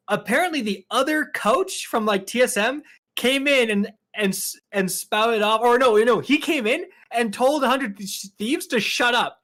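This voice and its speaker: Animated man co-hosting a gaming podcast. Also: high-pitched. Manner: animated storytelling, acts out quotes. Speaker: podcast co-host. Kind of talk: casual gaming podcast chat.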